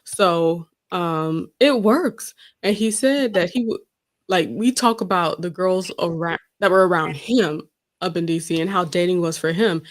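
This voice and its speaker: A woman's voice: lowish voice, unhurried. A young woman from South Carolina, hosting a casual chat, talking freely with restarts and laughs. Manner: chatty, laughing, stumbling restarts. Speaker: host.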